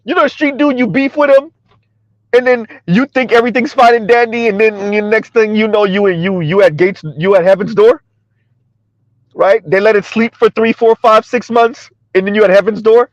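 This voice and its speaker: A man's voice: high-pitched, steady tone, moderate pace, no echo, dull audio. A man giving a mocking reaction commentary, stammering and repeating himself as he jeers. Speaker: commentary vlogger.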